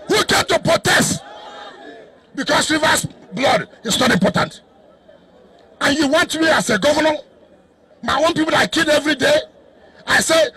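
A man with a Nigerian accent, a state governor addressing a crowd in a loud, defiant, repetitive way. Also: extremely high pitch. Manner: repeats himself, cuts in with "hold on"; defiant, declamatory.

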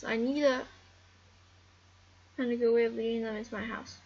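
A woman giving casual, excitable game commentary, rambling and talking to the animals on screen. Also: on the high side, moderate pace, muffled recording. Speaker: gameplay commentator.

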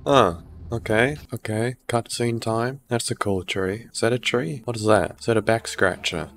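A man records his own gameplay commentary while under the weather, cracking sarcastic jokes and swearing freely. His delivery is loose and chatty, a steady mid-pitched voice reacting to whatever happens on screen. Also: moderate pace. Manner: joking, sarcastic, swears often. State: sick. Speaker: gaming YouTuber. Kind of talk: casual let's-play commentary.

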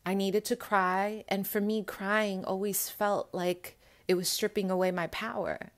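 A woman's voice: medium pitch, level tone, unhurried. A young woman talking casually to the camera, earnest and emphatic, often turning to address her viewers directly. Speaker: spiritual vlogger.

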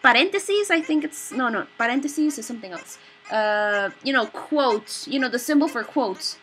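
A young woman giving excitable, animated let's play commentary on a video game. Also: fairly high pitch, moderate pace. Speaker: gamer.

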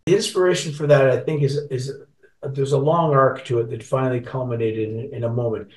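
A man's voice: mid-range voice, fairly even intonation, a little fast. An older man in his sixties tells a long story as an interview guest, stumbling and restarting often. He sits away from the mic, so his voice comes through distant and roomy. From Scotland, raised in Canada. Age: 60s. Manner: rambling, many restarts and repeats. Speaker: guest musician.

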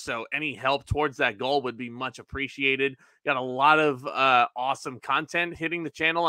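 A man's voice: medium pitch, bright, forceful tone, dry recording. A man appearing as a guest on a livestream, chatting casually and enthusiastically about his channel and making jokes. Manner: enthusiastic, self-promoting, jokey. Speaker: guest, YouTuber. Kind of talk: casual chat.

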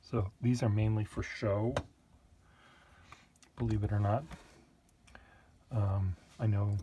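A man's voice: on the low side, fairly even intonation, slow pace, highs cut off, noisy background. A man casually showing his collection of old pens, rambling with joking asides. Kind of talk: casual show-and-tell.

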